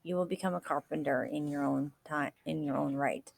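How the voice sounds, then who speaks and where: A woman's voice: low-pitched, steady tone, moderate pace, vocal fry. A woman reading as a wounded solemn captain.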